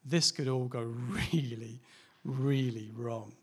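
A man's voice: mid-range voice, slow pace, husky. A man, a pastor, preaching a sermon in a candid, conversational way, asking rhetorical questions and laughing lightly now and then.

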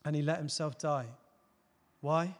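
A man's voice: on the high side, fairly even intonation, measured pace. Earnest preacher man in echoing hall. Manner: earnest, builds to loud emphatic peaks then drops soft. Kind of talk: sermon. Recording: long hall reverb.

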